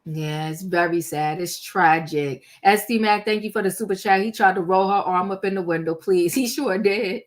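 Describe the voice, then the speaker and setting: A woman's voice: medium pitch, normal speed, hardly any pauses. A woman hosting a live reality TV recap, emphatic and opinionated, calling on her co-hosts. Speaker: livestream host.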